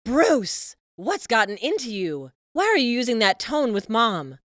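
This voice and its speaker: A woman's voice: a little high, sing-song, unhurried, a bit bright, dry recording, studio quality. A woman voicing an overbearing, scheming middle-aged mother who talks in a cloying, possessive, sing-song way. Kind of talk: animated story voice-over.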